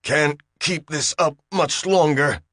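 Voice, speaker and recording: A man's voice: medium pitch, lively intonation, moderate pace, no room sound, studio quality, pitched above the performer's own voice, lightly acted. Male reader as a clipped, testy captain giving orders. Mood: commanding. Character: commanding male spaceship captain, strained and testy.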